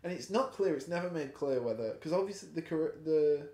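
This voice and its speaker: A man's voice: a little high, lively intonation, brisk, warm tone. A young man co-hosting a casual film review chat, rambling and hesitant with many ums. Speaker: podcast co-host. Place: home flat. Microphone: camera in a room. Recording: echoey room.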